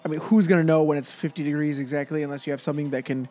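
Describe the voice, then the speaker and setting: A man co-hosting a casual beer review chat, opinionated and quick to laugh. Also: fairly high pitch, fairly even intonation, mellow. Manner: chatty, opinionated, laughs often.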